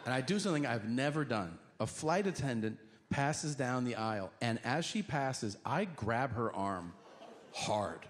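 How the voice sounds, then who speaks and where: A male stand-up comedian telling a story, animated and profane, acting out each scene. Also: medium pitch, moderate pace, noisy background.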